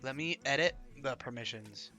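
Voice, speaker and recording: A man giving a casual, excitable film review, rambling with frequent ums and repeating himself. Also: mid-range voice, moderate pace, soft background music. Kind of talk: casual livestream movie review.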